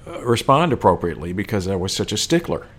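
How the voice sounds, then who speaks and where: A man's voice: deep voice, big pitch swings, fast talker, a bit bright, slightly rough. A man discussing a war film in casual conversation, thoughtful and hesitant, with frequent fillers and restarts.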